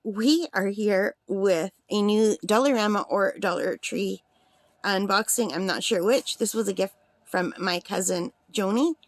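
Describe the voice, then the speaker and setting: A woman's voice: mid-range voice, measured pace, dry recording, studio quality. A woman hosting a craft channel, unboxing a gift in a casual vlog, giggly and gushing, rambling, overtired on little sleep.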